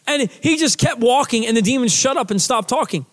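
A man with a notably high speaking voice preaches a sermon in a loose, chatty way. He stumbles into fillers and restarts, then hammers home the same short phrases again and again. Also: lively intonation, fairly quick, a bit bright. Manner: emphatic repetition of key phrases. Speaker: pastor.

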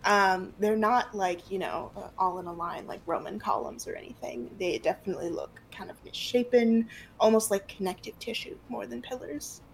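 A woman's voice: mid-range voice, normal speed, gravelly, slight background noise, low-quality recording. A woman running a tabletop game as game master, narrating in a casual way with many fillers.

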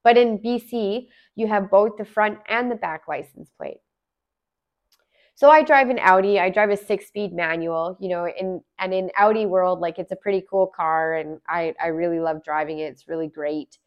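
A woman's voice: on the low side, moderate pace, dull audio. A woman from Alberta, musing in a casual, earnest monologue full of rhetorical questions. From Alberta, Canada.

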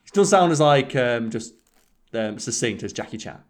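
A podcast co-host with a mid-range, lively voice chats casually at normal speed. He swears freely, tells rambling stories and mimics the people he quotes.

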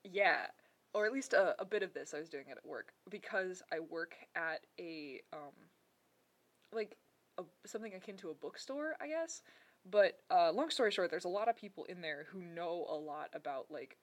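A woman's voice: lowish voice, lively intonation, normal speed. A woman co-hosting a folklore podcast in casual, chatty talk with frequent laughs and rambling asides. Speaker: podcast co-host.

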